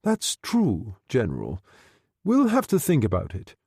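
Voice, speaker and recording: A man's voice: medium pitch, huge pitch swings, measured pace, a little mellow, slightly rough, no echo, clean studio sound, exaggerated voice. A man reading a novel aloud, voicing a cautious brigadier who speaks carefully and deferentially. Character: cautious brigadier, intelligence chief.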